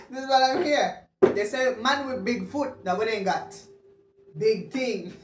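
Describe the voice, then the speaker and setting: A woman giving a casual love reading as a tarot reader, chatty and blunt, slangy, swearing and laughing as she talks. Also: medium pitch. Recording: roomy sound, distant mic, faint noise.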